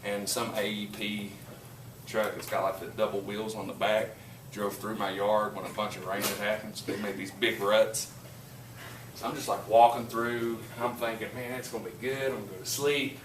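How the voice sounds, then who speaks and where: A male teacher, talking to a classroom and spinning a story with plenty of energy. He is picked up from across an echoey room, and the recording carries a steady background noise. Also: fairly low pitch, moderate pace. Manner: animated storyteller, laughing while telling. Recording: echoey classroom from far off, noisy.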